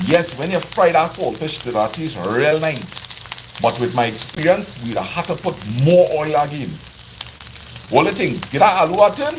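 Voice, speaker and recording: Standing at his kitchen stove, a man with a Trinidadian accent teases the viewers of his live cooking stream while food fries. His somewhat high voice is expressive at a normal speed, and the background is noisy.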